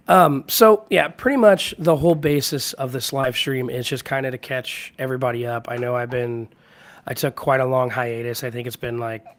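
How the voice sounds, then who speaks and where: A man hosting a casual live stream from home, hoarse from a cold and keeping his voice low, rambling as he greets viewers by name. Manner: keeps voice low to spare it. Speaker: livestream host. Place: at home with hardwood floors.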